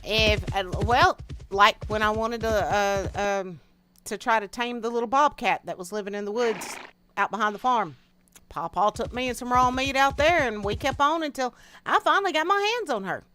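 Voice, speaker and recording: A woman's voice: on the high side, moderate pace, bright, forceful tone. A woman streamer, casually telling folksy childhood stories while she plays a game. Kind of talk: casual storytelling while gaming.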